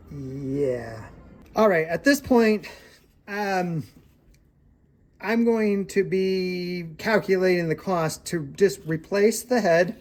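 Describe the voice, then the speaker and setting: A small engine repair technician giving a casual hands-on walkthrough in a repair shop, relaxed and plain-spoken, thinking aloud while working. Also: medium pitch, takes it slowly.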